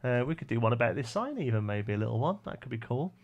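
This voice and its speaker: A man's voice: mid-range voice, sing-song, fast talker, highs cut off. A man with a Brummie accent chatting casually on a live stream while he builds, reading viewers' messages and answering them. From West Midlands, England. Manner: chatty, reads chat aloud and answers viewers.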